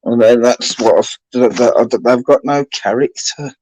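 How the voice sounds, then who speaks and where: A man hosting a livestream chat, rambling and halting with restarts. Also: mid-range voice, darkish tone, a little hiss or hum, rough recording. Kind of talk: casual chat.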